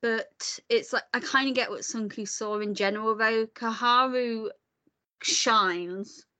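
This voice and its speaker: An animated woman talks in a casual chat, opinionated and quick to swear. Her voice is bright and forceful, with a sharp edge. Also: fairly high pitch.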